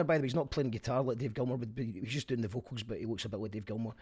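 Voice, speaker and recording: A Scottish man in his younger adult years, talking through a concert review in a loose, conversational way. His voice sits at an ordinary middle pitch, and he drops the odd dry, wry joke as he goes. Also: husky. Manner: chatty, wry asides. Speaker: podcast host. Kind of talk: casual spoken review.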